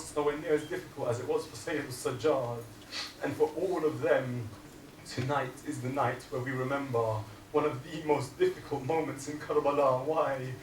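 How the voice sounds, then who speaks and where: A man giving a religious sermon at a mourning gathering, moving from quiet, low delivery to loud, impassioned retelling. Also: a little hiss or hum. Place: hall of a gathering. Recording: echoey hall, mic at a distance, faint ambience.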